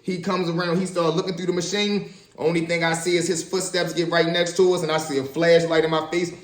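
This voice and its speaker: A man telling stories from his own life in a casual, animated way, acting out the voices of the people in them. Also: on the high side, brisk, echoey room. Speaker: storyteller. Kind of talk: casual spoken storytelling.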